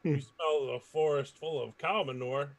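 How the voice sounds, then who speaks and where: A man's voice: on the high side, normal speed, no echo. A man playing a tabletop game, making blunt, teasing remarks in character. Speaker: player.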